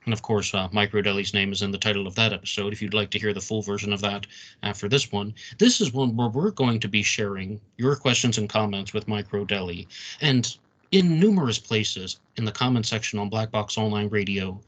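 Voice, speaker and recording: A man's voice: on the low side, brisk, fairly bright tone. A man hosting a podcast, putting questions to a guest with the odd filler. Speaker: podcast host. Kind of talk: interview questions.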